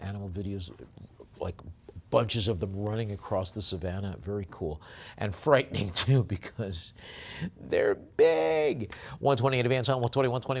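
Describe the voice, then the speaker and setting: A man working as an auctioneer, describing each lot in a relaxed, joking way, then chanting the bids quickly. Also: lowish voice, slight background noise. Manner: rapid bid chanting between chatty, joking descriptions. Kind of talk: live auction calling with item descriptions.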